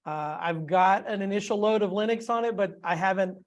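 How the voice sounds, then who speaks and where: A man's voice: high voice, fairly quick. A man co-hosting a podcast in casual chat, bantering in a playful, eager way. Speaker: podcast co-host.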